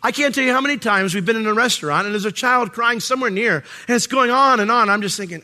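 Very high-pitched, a middle-aged pastor preaches a sermon with animated energy, readily acting out voices. Fillers and restarts come up often.

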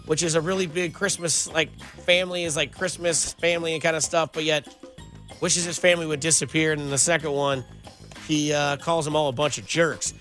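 A man hosting a sports radio show, talking in an energetic, playful banter. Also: on the high side, a little fast, faint music behind.

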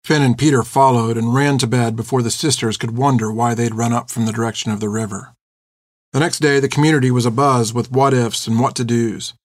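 A man giving measured, expressive scripted narration of a storybook. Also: mid-range voice, no echo. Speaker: audiobook narrator.

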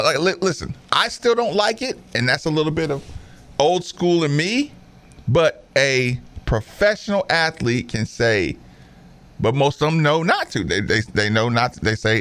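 A man hosting a basketball podcast, talking in an animated, emphatic way, repeating himself and mimicking players. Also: on the high side. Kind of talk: casual opinionated commentary.

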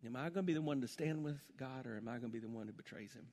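A male pastor preaching a sermon with rhetorical questions and touches of humor, dropping to a soft, low voice in prayer. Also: racing, long reverb tail.

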